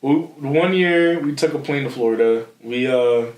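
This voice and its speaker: A young podcast co-host from the Philadelphia area tells stories in a casual chat, laughing a lot and acting out quotes. His medium-pitched voice moves at a measured pace, picked up far from the mic in an echoey room.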